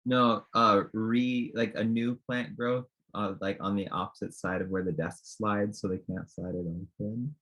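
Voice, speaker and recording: Husky low-voiced man playing a tabletop game. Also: fairly even intonation, normal speed, few pauses, fairly bright tone. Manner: hesitant, stumbling questions. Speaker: player. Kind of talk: casual tabletop play.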